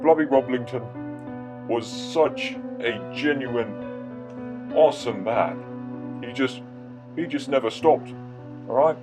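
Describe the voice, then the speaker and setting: A man at a middle pitch narrates a silly tale like a mock nature documentary. He rambles, restarts and swears for laughs. Faint music plays underneath. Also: takes it slowly. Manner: rambling, jokey, with profanity and restarts. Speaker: storyteller.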